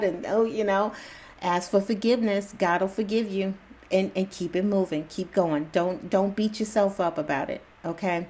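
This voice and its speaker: A woman's voice: mid-range voice, fairly even intonation, normal speed, a little mellow. Reassuring woman giving a casual pep talk. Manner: reassuring, repetitive, chuckles often, loose slangy phrasing. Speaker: spiritual channel host.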